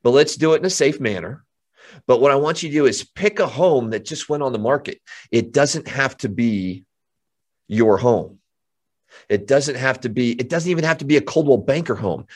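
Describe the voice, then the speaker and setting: A man coaching real estate agents in an energetic motivational talk, emphatic and often repeating himself. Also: mid-range voice, moderate pace.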